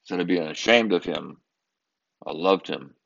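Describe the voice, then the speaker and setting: Deep gravelly older man telling a story. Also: fairly bright tone, lo-fi sound. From Southern California. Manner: earnest, emphatic, with halting repetitions. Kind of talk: personal storytelling.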